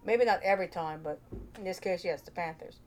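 A woman's voice: on the low side, a little fast, a little hiss or hum. A woman hosting a casual vlog, chatty and playful, thinking aloud into her own microphone. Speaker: vlogger host.

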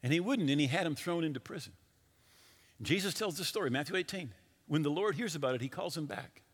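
Guy preaching in a big church, pitch jumps all over, long hall echo. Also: a little fast. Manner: animated preaching, asks listeners direct questions. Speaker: pastor. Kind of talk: sermon.

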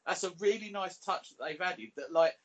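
A man's voice: sits high, lively intonation, moderate pace. A man co-hosting a casual podcast, chatty and peppering his talk with "you know". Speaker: podcast co-host.

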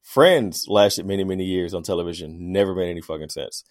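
A man co-hosting a podcast in casual debate chat, emphatic and animated, laughing as he argues. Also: low voice, brisk. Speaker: podcast co-host.

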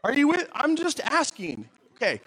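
A male pastor delivering a sermon in a high, very bright voice. His pitch swings widely as he jokes and quizzes the congregation. The delivery is animated and conversational. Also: moderate pace, low-quality recording. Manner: animated, joking, asks the audience questions.

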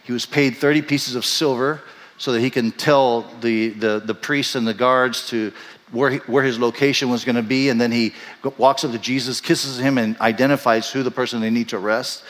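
A male pastor preaching a sermon, telling the story in an animated way and acting out the quoted voices, then dropping soft and low for reflective moments. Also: moderate pace. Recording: long hall reverb.

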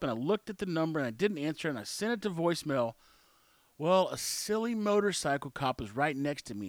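A man's voice: high voice, dry recording. A man in his forties telling a story in a casual monologue, blunt and opinionated, rambling with restarts. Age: 40s.

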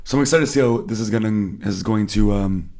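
An easygoing man from the States co-hosts a casual podcast, dropping slang and fillers. His voice sits a bit low. It carries a gravelly fry. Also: fairly quick, darkish tone. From United States. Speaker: podcast co-host. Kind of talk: casual chat.

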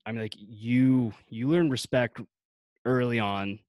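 A man's voice: medium pitch, fairly even intonation, a little slow, dry recording, lo-fi sound. A man chatting casually in a laid-back, rambling way, full of fillers. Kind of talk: casual chat.

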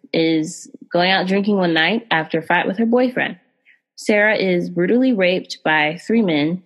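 A woman hosting a podcast, chatting casually and animatedly about films, with frequent fillers and direct asides to listeners. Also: low voice. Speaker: podcast host reviewing films. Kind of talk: casual chat.

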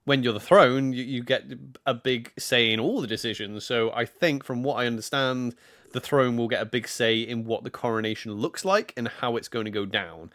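A man's voice: medium pitch, moderate pace, fairly bright tone. A man co-hosting a podcast, chatting casually and hesitantly with lots of fillers. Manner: hesitant, many fillers, laughs easily. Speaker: podcast co-host.

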